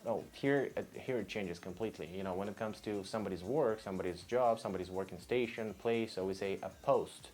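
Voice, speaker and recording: A deep-voiced man with a Russian accent gives a relaxed, casual vocabulary lesson in English. He repeats each word several times in a patient, unhurried way, while soft music plays faintly behind him. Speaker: language teacher.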